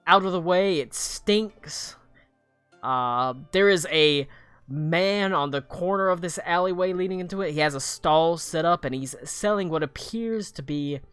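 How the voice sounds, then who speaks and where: A man narrating as game master of a tabletop game, rambling with many pauses and restarts. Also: a little high, a bit bright, clear, resonant tone, no room sound.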